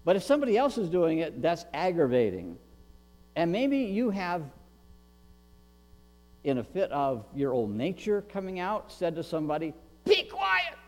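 Animated preacher man in a reverberant church. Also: on the high side, moderate pace, pauses often. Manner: animated, acts out shouting crowd and beggars. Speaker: pastor. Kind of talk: sermon. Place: church sanctuary. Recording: long reverb with mains hum.

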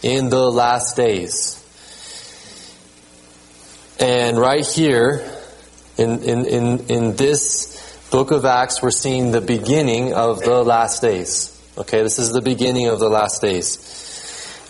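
Male pastor, relaxed sermon delivery, halting repeats, measured scripture reading. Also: mid-range voice, poor audio. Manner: conversational, repeats words, checks in with "okay?"; reads scripture aloud in a measured cadence.

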